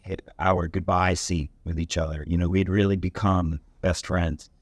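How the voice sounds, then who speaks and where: A man on a stage panel telling an animated story, acting out quotes with sudden jumps in pitch. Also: normal speed, no room sound. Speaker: panelist actor. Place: stage panel in a museum hangar.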